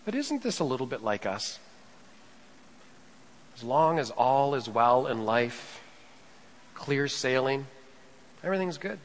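A male pastor preaching a sermon, swinging between hushed lines and raised emphatic ones as he acts out scripture. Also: medium pitch, sing-song, a little slow, pauses often. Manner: rising and falling preaching delivery, quotes scripture dramatically. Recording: long reverb of a large hall.

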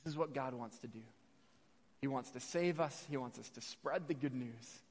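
A man in his thirties giving a sermon with personal stories, animated and repeating phrases for emphasis, sometimes stumbling over words. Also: mid-range voice, moderate pace. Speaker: missionary preacher. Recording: long hall reverb.

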